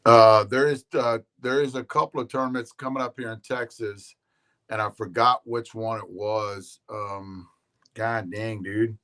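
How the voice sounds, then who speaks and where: A man's voice: lowish voice, steady tone, a little slow, fairly bright tone. A man in casual chat as a regular guest on a live show. He rambles in a laid-back way, swears casually and often repeats his words.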